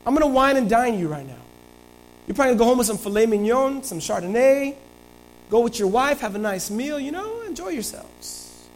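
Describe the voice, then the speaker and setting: Preacher guy doing a smooth scheming king, high voice, all casual and coaxing. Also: big pitch swings, fairly quick, a little hiss or hum, low-quality recording. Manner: casual modern paraphrase, coaxing. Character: scheming middle-aged king, smooth and persuasive.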